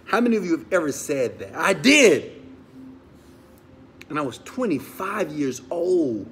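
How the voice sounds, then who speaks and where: A man, a motivational speaker, tells a personal story with strong feeling. He swings from loud urging to hushed confession and keeps asking his listeners questions. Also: fairly high pitch, big pitch swings, unhurried, slight background noise. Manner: talks straight to listeners with questions.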